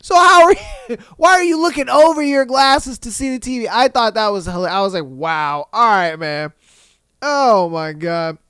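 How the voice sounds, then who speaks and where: A man hosting a podcast, reading listener posts aloud in a casual, animated way, swearing and acting out his own reactions. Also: very high-pitched, normal speed, smooth, no echo, studio quality. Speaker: podcast host.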